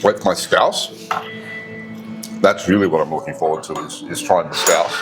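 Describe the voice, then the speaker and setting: At normal speed and in a deep voice, a food vlogger talks casually about his meal in an indoor restaurant, relaxed and humming with each bite he savors. Faint background music plays, and a camera on the table captures him.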